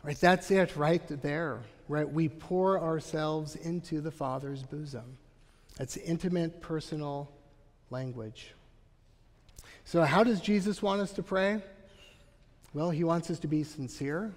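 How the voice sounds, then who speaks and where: A man's voice: a little high, measured pace, long reverb tail. A man preaching a sermon as a pastor, earnest and emphatic, often checking in with the congregation. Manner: earnest, emphatic preaching with frequent "Right?" asides.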